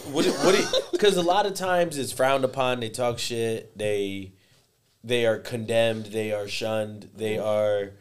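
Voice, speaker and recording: A man's voice: mid-range voice, unhurried, clean tone. A man co-hosting a casual chat, boastful and joking, swearing freely.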